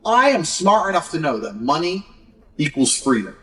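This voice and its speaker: A man delivers a blunt, profane motivational lecture. His voice sits fairly high and swings widely in pitch as he drives his points home. Faint music plays underneath. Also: sing-song, moderate pace, a bit bright. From England. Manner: mocks others by acting out their excuses. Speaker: motivational speaker. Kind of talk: motivational speech. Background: faint background music.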